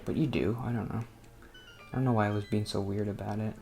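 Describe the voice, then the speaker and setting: Fast-talking and mellow, a let's play host from New Jersey has a low voice with vocal fry and fairly even intonation, with faint music in the background. His gameplay commentary is casual, rambling and hesitant, full of fillers and self-interruptions, and he mutters at the game under his breath.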